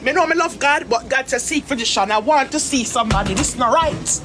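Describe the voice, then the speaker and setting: A woman's voice: sits high, expressive, fairly quick, over music. A Jamaican woman talking straight to her viewers in a rambling, emotional rant full of swearing. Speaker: content creator. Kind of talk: casual talk to camera.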